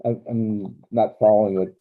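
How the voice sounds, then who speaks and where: A man's voice: on the low side, flat delivery, moderate pace. Man with tinny, phone-like call audio. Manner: rambling, jokey, self-interrupting. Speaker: host of a virtual wine tasting. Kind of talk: casual group video chat. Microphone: video call.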